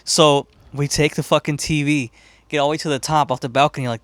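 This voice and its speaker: A man's voice: a little high, fairly even intonation, brisk, a bit bright, dry recording. A man from Chicago hosting a podcast, telling a story casually and profanely, rambling and laughing as he goes. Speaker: podcast host.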